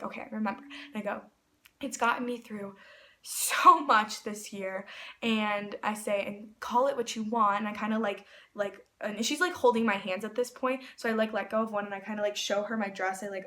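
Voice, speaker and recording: Young adult woman, storytime vlogger; excitable, rambling delivery, bright tone. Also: fairly high pitch, normal speed. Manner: excited, rambling with many fillers and laughs. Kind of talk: personal storytime vlog.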